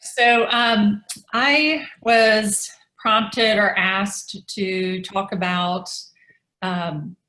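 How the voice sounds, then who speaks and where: A woman's voice: medium pitch, steady tone, drawn-out words, sharp tone, reverberant. A woman telling a work story at a design event in a chatty way, with frequent ums and laughs, speaking over a video call. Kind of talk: personal story talk.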